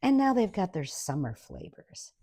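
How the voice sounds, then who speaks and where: A woman's voice: on the low side, sing-song, normal speed, mellow, dry recording, studio quality. An older woman telling an exasperated, sarcastic comic story in a monologue.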